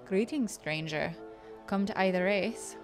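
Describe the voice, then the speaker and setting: A woman voicing a sly, folksy male bookie from a role-playing game in an attempted Deep South drawl, over game music. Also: a little slow, natural voice. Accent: attempted American Deep South drawl. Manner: drawling, wheedling salesman patter.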